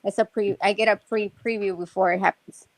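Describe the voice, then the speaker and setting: A woman's voice: mid-range voice, steady tone, fairly quick, poor audio. A woman in a casual group voice chat telling an earnest, blunt story.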